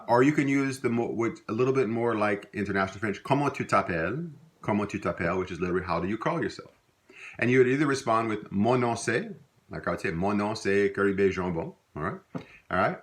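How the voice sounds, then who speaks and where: Low-voiced man teaching slowly. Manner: patient, repeats words slowly with many fillers. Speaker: language teacher. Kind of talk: recorded lesson.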